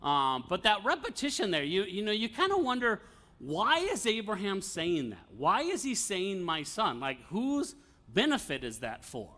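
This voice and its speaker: Man, Bible study teacher, somewhat high voice, bright and forceful, chatty with fillers. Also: wildly swooping pitch, moderate pace. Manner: conversational, with many fillers and light laughs.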